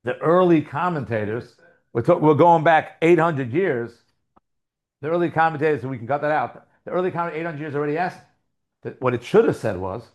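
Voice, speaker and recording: Man, class teacher, chatty and questioning, slightly high voice. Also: lively intonation, fast talker. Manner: conversational, repeats and restarts, asks the class questions. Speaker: Torah teacher. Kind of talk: live class lecture.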